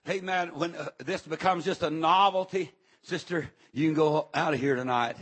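Middle-aged male preacher, husky high voice, shouts between amens, rambling revival sermon. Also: moderate pace.

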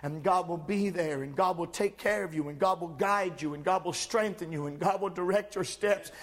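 A man preaches with an unusually high, ringing voice. His delivery is fervent and emphatic, building on repeated phrases as he drives his sermon home. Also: moderate pace, soft background music.

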